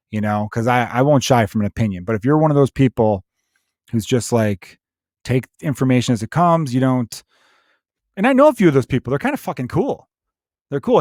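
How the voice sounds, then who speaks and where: A man from Chicago hosting a comedy podcast, ranting in a profane, animated way and slipping into mocking voices. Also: mid-range voice, dry recording, studio quality. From Chicago, USA. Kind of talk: solo comedic rant.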